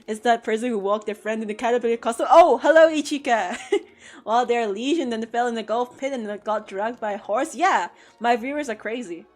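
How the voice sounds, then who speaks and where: A woman's voice: on the high side, fairly quick, soft background music. Playful woman art streamer chatting. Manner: playful, joking, laughs often. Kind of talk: casual chat on a live stream.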